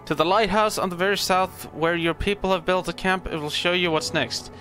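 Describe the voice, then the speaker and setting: A man reading aloud the lines of an ancient, solemn spirit guardian from a game, in a grave, measured way. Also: high voice, steady tone, sharp tone, faint music behind.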